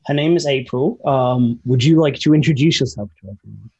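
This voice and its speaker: A man's voice: mid-range voice, brisk, darkish tone, slightly rough, muffled recording. A man voicing a self-important young male student council president, eager and officiously polite.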